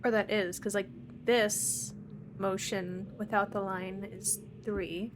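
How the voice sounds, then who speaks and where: A woman's voice: mid-range voice, steady tone, slow pace, background noise. A young woman streaming a puzzle game, muttering to herself as she works things out aloud. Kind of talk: casual live game commentary.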